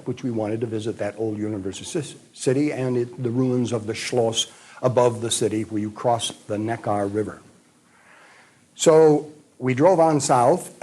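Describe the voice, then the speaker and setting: An older American man, a retired history professor, recounting a past trip in a measured, detailed storytelling way. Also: medium pitch, mellow. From United States. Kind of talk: reminiscing storytelling.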